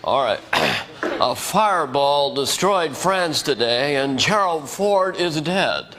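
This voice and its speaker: An actor playing a stiff male TV news anchor, reading in a deadpan newsreader manner, from an archive comedy sketch. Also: fairly high pitch, slow, crowd noise, low-quality recording. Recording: archive sketch clip with noise.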